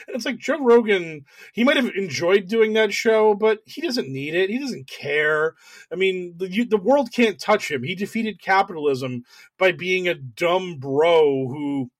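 Unhurried yet lively in intonation, a man with a high-sitting voice co-hosts a podcast, riffing on politics in a sarcastic, ranting, casual way. Fillers and false starts pepper his speech, and there's no echo.

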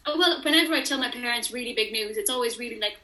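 Young woman, guest in a chat, lively storyteller, crisp bright tone. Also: fairly high pitch, rapid-fire, echoey room, poor audio. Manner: animated storyteller who acts out quoted dialogue. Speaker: interview guest. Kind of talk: casual chat.

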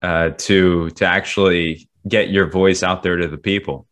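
A man's voice: sits low, fairly even intonation, a little slow, a bit bright. A man co-hosting a podcast in casual chat, rambling with many fillers. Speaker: podcast co-host.

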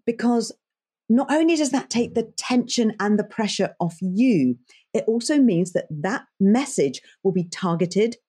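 A woman voice coach giving emphatic, animated advice as a guest in a podcast interview. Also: mid-range voice, unhurried, breathy edge. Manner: animated and emphatic, stresses key words.

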